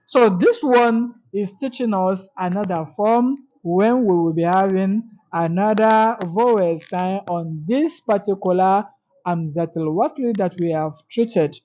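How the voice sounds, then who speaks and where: A woman's voice: medium pitch, warm tone, dull audio. Woman patiently teaching Arabic grammar. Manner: slow, repeats each example with translation. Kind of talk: explaining grammar lesson.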